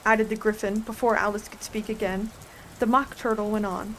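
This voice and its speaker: A woman reading a storybook aloud in a soft, gentle ASMR style. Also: mid-range voice, steady tone, normal speed, a little hiss or hum, rough recording.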